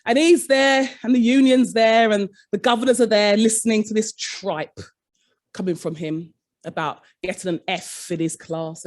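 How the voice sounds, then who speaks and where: A middle-aged woman, once a head teacher, gives a keynote in a conference hall, telling a story and dramatically acting out her staff in shifting voices. Her voice is mid-range and darkish, with fairly even intonation and a moderate pace.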